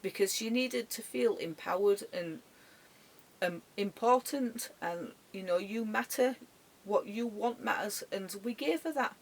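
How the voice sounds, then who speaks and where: A tearful woman recording a personal vlog from her caravan bedroom, speaking haltingly with many restarts and soft, trailing words. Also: medium pitch. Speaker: dog owner. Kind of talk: emotional personal vlog tribute.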